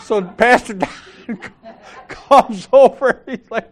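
High-voiced man telling a story. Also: takes it slowly. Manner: animated, laughing storyteller doing voices. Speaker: church group member. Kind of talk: casual storytelling.

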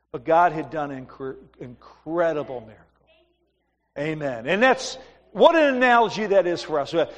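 A man preaching a sermon in a church and telling lively stories, acting out the voices of the people in them. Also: a little high, big-room sound. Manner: animated storytelling, acts out voices in his stories. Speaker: pastor. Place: church sanctuary.

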